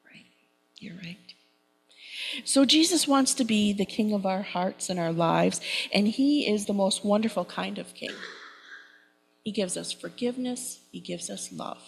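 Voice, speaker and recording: A woman giving a children's message and prayer in simple, gentle words. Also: mid-range voice, lively intonation, a little slow, creaky, a little hiss or hum, rough recording.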